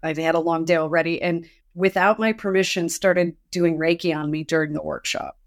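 Low-voiced woman hosting a casual interview. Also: fairly even intonation, moderate pace. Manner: chatty storyteller, acts out quoted exchanges. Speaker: podcast host.

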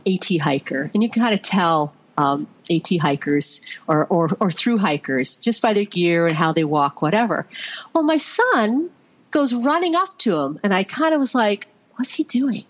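Rambling middle-aged woman telling stories. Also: lowish voice. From Vermont, USA. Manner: rambling, fond, many fillers and restarts. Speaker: podcast guest. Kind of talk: conversational storytelling.

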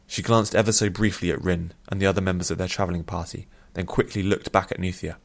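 Low-voiced male fantasy narrator. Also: fairly even intonation, fast, creaky, few pauses. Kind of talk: scripted fantasy audiobook narration.

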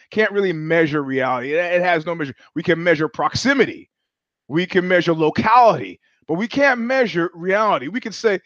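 Male host, rambling comic monologue, high voice, animated and profane, dry dull sound. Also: no room sound. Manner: animated, profane, repetitive restarts.

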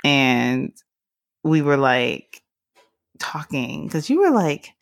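A young woman hosting a casual podcast chat, animated and laughing often as she retells stories. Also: deep voice, extremely slow, gravelly, no room sound, studio quality. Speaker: podcast host.

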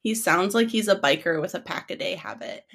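A woman with a somewhat low voice chats in a relaxed way as a co-host. She laughs easily and talks in an easy, rambling manner. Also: brisk. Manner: relaxed, chatty, laughs often. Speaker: podcast co-host. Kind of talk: casual chat.

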